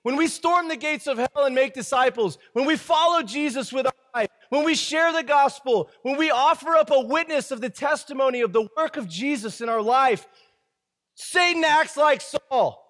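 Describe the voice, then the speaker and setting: A man with a very high voice preaches a relaxed Bible-study sermon. He reads the scripture passage, then riffs on it in loose, slangy asides. His voice rings with the long reverb of a large hall. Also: moderate pace.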